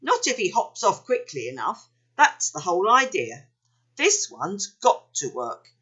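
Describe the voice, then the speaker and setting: A woman voicing a bossy male kangaroo leader who gives brisk commands in a storybook reading. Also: medium pitch, sing-song, a bit bright, breathy edge, lo-fi sound, heavily acted.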